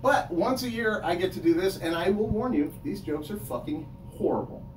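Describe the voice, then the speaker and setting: A man's voice: high voice, expressive, moderate pace. Man doing crude stand-up, echoey and distant. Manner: crude jokes, frequent filler words and self-laughing. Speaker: stand-up comedian. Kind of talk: stand-up comedy set. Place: small comedy room with audience. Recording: echoey room, mic at a distance, noisy. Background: audience laughter and chatter.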